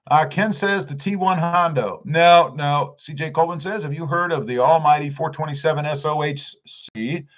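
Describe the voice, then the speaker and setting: Male streamer, casual chat reader, animated and slightly high, dull lo-fi audio. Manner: reads viewer comments aloud and answers them. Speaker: livestream host reading chat.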